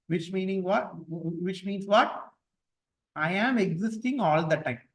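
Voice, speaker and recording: A man teaching a class on scripture verses. He explains each point patiently with repetition and chants the verses slowly. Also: high-pitched, slightly rough, low-quality recording.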